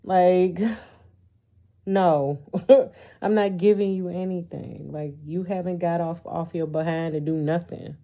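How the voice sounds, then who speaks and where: A woman's voice: fairly low pitch, steady tone, slow, warm tone. A woman giving a casual tarot reading to her viewers, talking animatedly, swearing freely and laughing often. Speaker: tarot reader.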